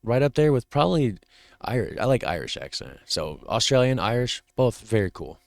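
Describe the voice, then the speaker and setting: A man's voice: medium pitch, very animated, normal speed, vocal fry, no room sound. An American man hosting a reaction video, making casual, rambling asides and asking questions. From United States.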